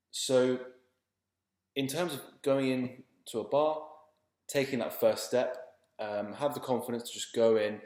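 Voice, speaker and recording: A man teaching beginners in a relaxed, chatty and reassuring way, often repeating his words. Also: lowish voice, roomy sound. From England. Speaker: language teacher. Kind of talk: casual spoken lesson.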